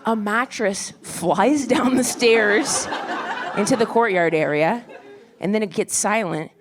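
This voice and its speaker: A woman stand-up comedian telling a story in a wry, quick, self-deprecating way, on a club stage with a handheld mic. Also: mid-range voice. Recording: live club recording with crowd noise. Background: audience laughter.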